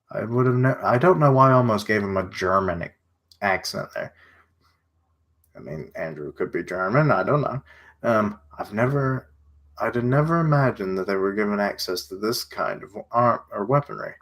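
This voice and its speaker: A man's voice: lowish voice, animated, moderate pace, fairly bright tone. A man streaming his reading of a comic, giving chatty commentary and muttering asides as he goes. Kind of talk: casual reading reaction.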